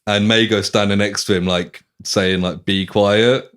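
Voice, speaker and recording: A man's voice: fairly low pitch, unhurried. A man hosting a podcast, casually retelling a novel's plot and acting out the characters' lines. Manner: animated retelling, acting out lines with swearing and laughs. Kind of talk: casual chat.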